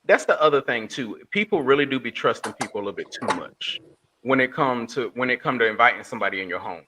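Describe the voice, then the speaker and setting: A man's voice: mid-range voice, expressive, fast talker, background noise. A laid-back man in casual podcast chat, often restarting his sentences.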